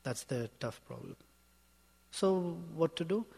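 A man's voice: fairly high pitch, expressive, gravelly, darkish tone, breathy edge. Man preaching in a reverberant hall. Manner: measured, emphatic, rhetorical questions. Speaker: spiritual teacher. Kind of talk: sermon.

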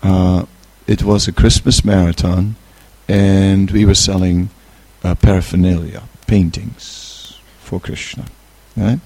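A middle-aged man giving an informal spiritual talk, relaxed and hesitant, chuckling as he tells a personal story. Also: sits low, slow, few pauses. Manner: relaxed, hesitant, chuckles while telling stories. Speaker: spiritual teacher.

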